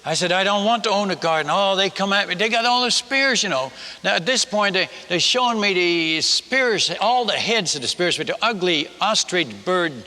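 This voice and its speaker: A man's voice: high-pitched, lively intonation, normal speed, few pauses, sharp tone. A man, a missionary preacher, tells a story in a sermon, acting out the dialogue and the sound effects. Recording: long reverb of a large hall.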